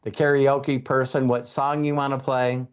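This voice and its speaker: Animated man telling stories. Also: medium pitch, normal speed, smooth. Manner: animated storyteller, acts out voices; casual, swears freely. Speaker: mentor and coach. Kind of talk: motivational talk.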